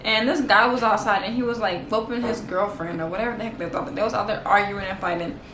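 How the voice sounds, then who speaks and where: A woman's voice: mid-range voice, fairly even intonation, quick pace, background noise. Chatty storytelling woman, echoey room. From Los Angeles. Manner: chatty, slangy, heavy use of "like". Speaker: vlogger. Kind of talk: casual storytime.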